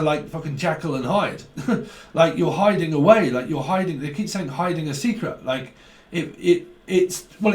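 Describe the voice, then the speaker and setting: Rambling man reading tarot. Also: a little high. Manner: rambling, animated, frequent swearing and slang. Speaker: tarot reader. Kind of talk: casual tarot reading monologue. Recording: roomy sound from a mic at a distance.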